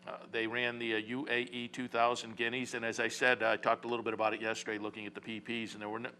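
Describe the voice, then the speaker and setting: A man hosts a horse racing radio talk show in a loose, casual way, full of fillers and restarts. His voice sounds bright and forceful. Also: mid-range voice, monotone, quick pace. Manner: rambling, many fillers and restarts.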